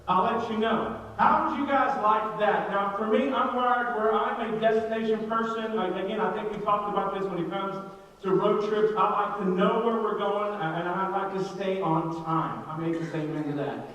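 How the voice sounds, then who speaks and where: A middle-aged pastor preaches with a high voice, full of energy and jokes. He talks straight to his congregation and often starts over mid-sentence. His words boom through a big echoey church hall, picked up from well back. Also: normal speed. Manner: energetic, joking, speaks straight to the congregation, many restarts. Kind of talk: sermon. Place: church sanctuary. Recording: echoey hall, mic far off.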